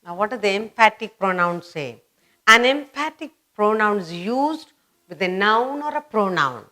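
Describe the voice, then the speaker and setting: Slow, deliberate woman teaching grammar. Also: medium pitch, expressive, bright, forceful tone. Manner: repeats words and phrases slowly and deliberately for emphasis. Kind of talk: slow, repetitive grammar lesson for children.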